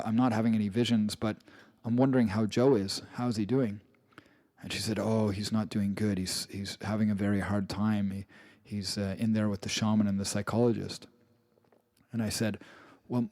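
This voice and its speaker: A man's voice: on the low side, flat delivery, moderate pace, a little mellow, dry recording. Earnest English man telling his story. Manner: earnest, with restarts and repeated phrases. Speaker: author narrating his own audiobook. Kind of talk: first-person memoir narration.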